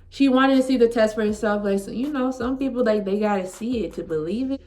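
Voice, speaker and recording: A woman's voice: fairly high pitch, fast talker, few pauses. A woman in her twenties, a vlogger telling a personal story at home in a casual, rambling, heartfelt way, filling her talk with "like". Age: 20s. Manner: rambling, heavy use of "like", heartfelt. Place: at home indoors.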